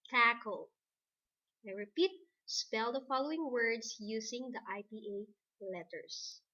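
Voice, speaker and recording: A woman teacher with a Filipino English accent gives a recorded lesson. She talks slowly and deliberately, spelling things out one at a time. Her voice sits a little high. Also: bright, forceful tone. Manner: slow, deliberate dictation.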